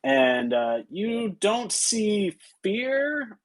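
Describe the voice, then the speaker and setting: A man's voice: high-pitched, very animated, extremely slow, rough recording. A man narrating as game master, in a casual way with many fillers.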